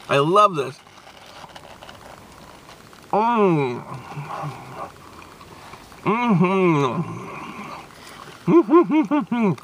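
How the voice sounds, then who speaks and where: A man's voice: on the high side, a little hiss or hum. A man hosting a casual, jokey food review vlog. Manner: playful, animated, jokey.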